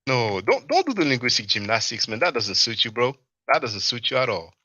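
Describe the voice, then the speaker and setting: A man's voice: medium pitch, sing-song, fairly quick, sharp tone, no echo. A man hosting a casual livestream, laughing often and reading chat comments aloud to answer them. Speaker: livestream host. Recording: dull, lo-fi stream audio.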